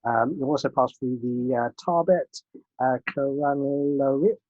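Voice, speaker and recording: A man's voice: medium pitch, unhurried, no echo, phone-quality sound. A man co-hosting a casual car podcast, reading out listener emails with frequent hesitant fillers. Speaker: podcast co-host.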